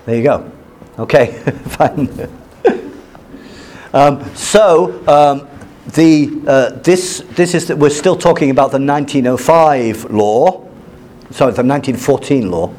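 A man's voice: medium pitch, takes it slowly, darkish tone. A middle-aged man from Britain giving a classroom lecture in a wry, digressive way, often stopping and restarting his sentences.

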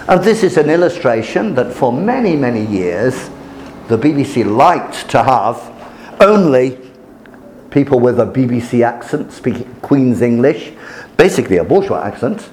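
A man teaching a class as their examiner, lecturing in a halting way with many fillers and restarts. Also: medium pitch, very animated, darkish tone.

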